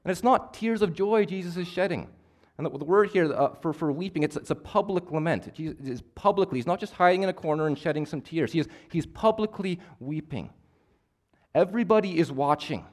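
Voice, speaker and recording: A male pastor delivers a sermon in a voice sitting a little above the usual male pitch. He presses hard on some phrases and drops to a near hush on others. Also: expressive, fairly quick. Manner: emphatic, swings between loud and hushed.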